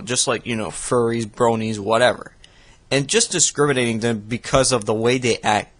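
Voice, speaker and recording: A young man hosting a reaction video, giving sarcastic, profane commentary with loud outbursts. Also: medium pitch.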